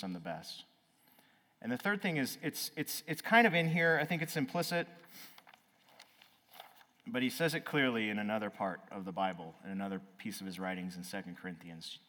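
A man preaching a sermon, swinging from loud exclaiming to quiet, earnest speech. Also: deep voice. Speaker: pastor. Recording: reverberant hall.

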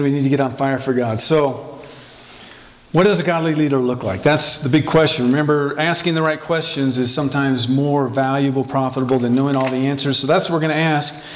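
A man preaching a sermon as pastor, passionate and animated, acting out quoted lines playfully. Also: a little high. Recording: echoey room.

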